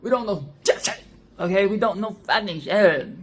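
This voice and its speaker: A sassy, foul-mouthed film commentator talking off the cuff. The speech rambles and restarts, with frequent laughs, and keeps tagging lines with "okay?". The pitch sits in a middle range. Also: lively intonation, normal speed. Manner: sassy, profane, tags "okay?" onto lines. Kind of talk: casual film commentary monologue.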